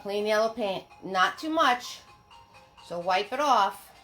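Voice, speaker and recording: A woman's voice: medium pitch, animated, slow pace, fairly bright tone. A woman teaching a live painting lesson, chatting and greeting viewers by name with pet names like sweetie and hon. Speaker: painting instructor. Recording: echoey room with faint music.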